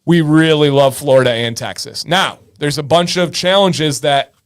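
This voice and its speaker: A man's voice: a little high, normal speed, clean tone. Chatty Michigan man hosting a livestream. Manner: chatty, answers viewers by name. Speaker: livestream host. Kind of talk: casual livestream chat reading viewer comments.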